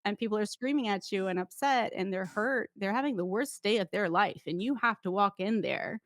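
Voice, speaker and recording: A woman guest, a former paramedic, talking casually in an interview, telling lively stories with acted-out voices and frequent laughs. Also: mid-range voice, a little fast. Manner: animated storyteller who acts out voices and laughs often.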